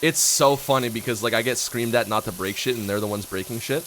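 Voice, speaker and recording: A man's voice: medium pitch, brisk, a little hiss or hum. A young man streaming live, telling stories in a casual, profane, ranting way. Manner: profane, ranting, animated storytelling.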